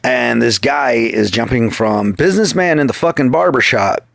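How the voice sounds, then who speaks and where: A podcast guest with a gravelly yet fairly bright medium-pitched voice talks at a normal speed, telling casual stories full of swearing. He often acts out quoted back-and-forth; the studio-quality audio has no room sound.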